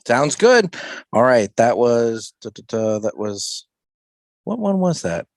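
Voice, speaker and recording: A man's voice: mid-range voice, very animated, takes it slowly, dry recording, studio quality. A man co-hosting a casual podcast chat, easygoing and a bit scattered.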